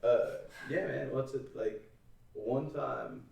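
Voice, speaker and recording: A man's voice: medium pitch, takes it slowly, vocal fry, a little mellow, distant mic. A man rambles through a story in casual podcast chat, cursing freely and laughing along the way. His voice sits in the middle range. He is set back from the mic in an echoing room. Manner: rambling storytelling, swears often, laughs a lot. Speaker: podcast host. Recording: roomy, off-mic sound.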